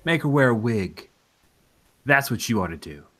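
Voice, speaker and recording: A man's voice: mid-range voice, big pitch swings, moderate pace, fairly bright tone, pitched above the performer's own voice. A man voicing a pushy, swaggering male radio advice show host.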